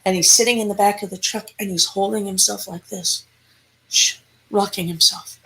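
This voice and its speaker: A woman's voice: medium pitch, normal speed, low-quality recording. A woman who investigates the paranormal, telling a story in a casual interview and acting out the lines people said. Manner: animated storyteller who acts out quoted lines; casual, conversational, with restarts.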